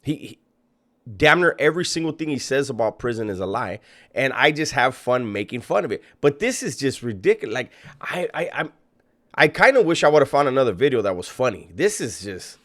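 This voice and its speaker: A man's voice: mid-range voice, sing-song, fairly quick, a bit bright. Mocking male reaction commentator. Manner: mocking, incredulous, swears freely.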